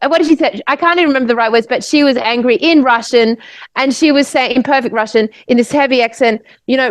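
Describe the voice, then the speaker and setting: An Australian woman, a podcast co-host, telling a long story in casual chat, animated and swearing, restarting her sentences. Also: sits high, quick pace, no room sound.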